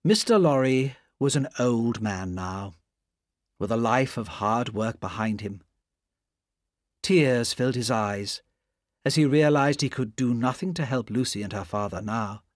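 A man from Indonesia reading a story aloud in a slow, deliberate way. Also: medium pitch, no room sound, clean studio sound. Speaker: narrator.

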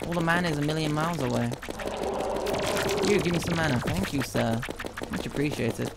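Gravelly man mock-ranting at chat. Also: a little high, a little fast, very noisy. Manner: mock-angry banter with chat. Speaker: gaming streamer. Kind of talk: gameplay commentary. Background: game music.

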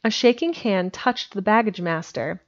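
A woman reading a storybook aloud in a steady, plain way on a home stream. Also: medium pitch, normal speed. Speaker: amateur audiobook reader. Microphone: home streaming microphone. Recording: dull lo-fi home recording.

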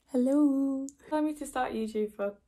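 A chatty woman with a slightly high voice talks casually to camera as a vlogger. She laughs a lot, swears freely, and now and then drops into a whispered aside. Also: warm tone. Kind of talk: casual chat.

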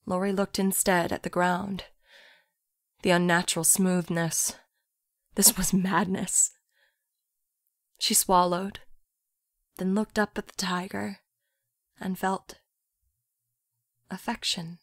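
A woman reading a literary story aloud, in a soft, often near-whispered narration. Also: on the low side, flat delivery, slow, gravelly, long pauses, no echo, studio quality.

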